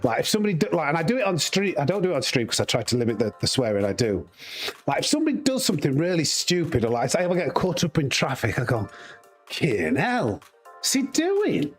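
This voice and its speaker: Yorkshire guy streaming a racing game, chatty and rambly, bouncy pitch, bit of music behind. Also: very animated, racing. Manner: chatty, rambling, laughs easily. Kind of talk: casual live stream chat.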